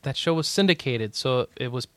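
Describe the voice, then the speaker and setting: A man's voice: mid-range voice, moderate pace, no echo. A young man hosting a gaming podcast, chatting casually, reading out news and jumping in to correct the others. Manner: excitable, cuts in to correct others. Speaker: podcast host.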